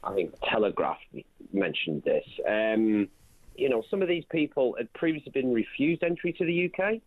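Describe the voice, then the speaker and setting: A man's voice: medium pitch, very animated, moderate pace. A man from Lincolnshire calling in to a radio show, wry and hesitant, with lots of fillers. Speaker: caller. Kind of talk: phone-in call. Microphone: phone. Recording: tinny phone line.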